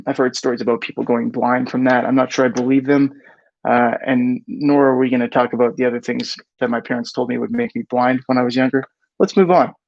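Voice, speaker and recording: Man, gravelly voice, host of a casual live Q&A, reads viewer questions aloud, self-correcting, muffled dry recording. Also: medium pitch, fairly even intonation, a little fast, no echo.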